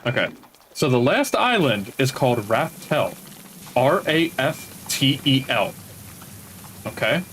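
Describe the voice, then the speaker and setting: A man of ordinary pitch talks loosely on a gaming stream, wandering through stories and often stopping to find his words. A faint hiss runs underneath. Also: big pitch swings, takes it slowly, long pauses, fairly bright tone, poor audio. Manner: rambling storyteller, trails off mid-sentence. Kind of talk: casual chat while gaming.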